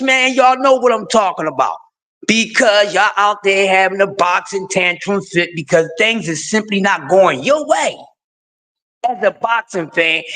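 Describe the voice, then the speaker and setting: A man hosting a morning show, teasing and ranting at boxing fans in a loud, repetitive way. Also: high-pitched. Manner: animated, repetitive, trash-talking. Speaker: show host. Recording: long reverb.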